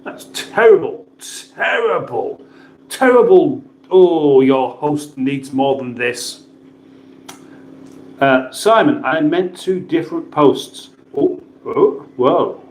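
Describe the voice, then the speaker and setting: A man's voice: medium pitch, slow, a little mellow, a little hiss or hum. A British man hosting a casual livestream, chatting and joking as he reads out viewer messages. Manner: chatty, jokey, playful voices for chat names. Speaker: livestream host reading chat. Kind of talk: casual live chat. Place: home kitchen. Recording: roomy echo.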